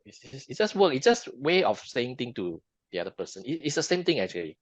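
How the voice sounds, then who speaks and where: A man's voice: medium pitch, big pitch swings, fast, no echo. A man co-hosting a podcast in a casual book discussion, who halts and repeats words often. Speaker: podcast co-host. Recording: dull lo-fi dry sound.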